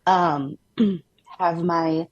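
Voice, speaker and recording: A woman's voice: lowish voice, steady tone, extremely slow, a little mellow, lo-fi sound. A woman from Minnesota with a Minnesotan accent, co-hosting a podcast in casual, upbeat chat, laughing often. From Minnesota, USA. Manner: chatty and upbeat, laughs often, many "like" fillers. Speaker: podcast co-host.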